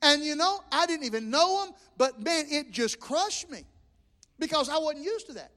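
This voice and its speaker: A man preaching a fervent sermon, swelling loud and restarting his words as he goes. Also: very high voice, sing-song, normal speed. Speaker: pastor. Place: church sanctuary. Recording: long echoing reverb of a church hall.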